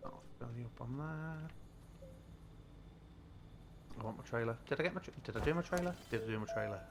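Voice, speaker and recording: A man's voice: mid-range voice, animated, brisk, background noise. A British man streaming a game live, talking to himself in a casual, muttering way as he plays. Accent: British English. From Britain. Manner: muttering to himself while playing.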